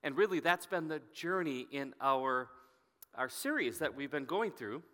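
Earnest pastor in an echoing hall. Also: male voice, a little high, expressive. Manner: earnest and halting, often dropping to a hushed voice. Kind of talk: sermon storytelling. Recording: long reverb from a hall.

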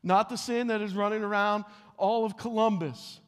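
High-voiced preaching man, hall reverb. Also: fairly even intonation, moderate pace, smooth. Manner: swings between loud emphatic preaching and hushed, intimate talk; repeats words and restarts phrases. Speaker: pastor. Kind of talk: revival sermon. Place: large church sanctuary with live audience.

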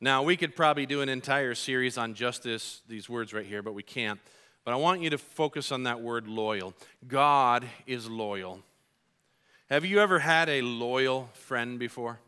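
A middle-aged man preaching a sermon as pastor, earnest and animated, acting out his own frustrated outbursts when he tells stories. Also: mid-range voice, moderate pace, smooth.

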